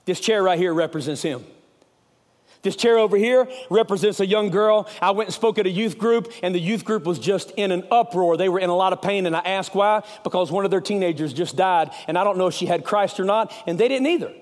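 A man preaching a sermon as an evangelist, with a Southern US accent, telling stories with passion and swinging from loud to hushed. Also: high-pitched, a little fast, in a large hall.

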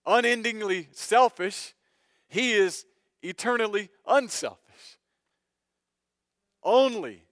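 A male pastor preaching a sermon, speaking earnestly and directly to his listeners, swinging from loud emphatic phrases to hushed low ones. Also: no room sound, clean studio sound. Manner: earnest, direct address to the congregation.

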